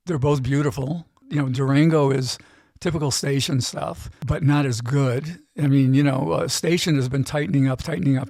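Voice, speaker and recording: In a relaxed interview chat, a middle-aged gambling expert animatedly recounts a story, frequently tacking "right?" onto his lines. He speaks at medium pitch, and the clean studio sound has no echo.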